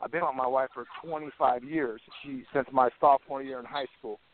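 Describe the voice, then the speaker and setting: A man's voice: mid-range voice, steady tone, a little fast. Rambling man on a tinny phone line. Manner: rambling, chuckles often, fills with "man" and "you know". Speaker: guest, professional fighter. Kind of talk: casual storytelling in an interview.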